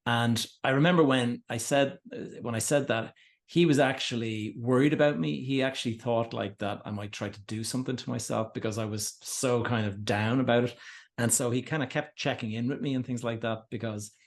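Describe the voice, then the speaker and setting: A man's voice: medium pitch, fairly quick. A man hosting a podcast interview, conversational, sharing his own stories. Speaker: podcast host. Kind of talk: casual interview chat.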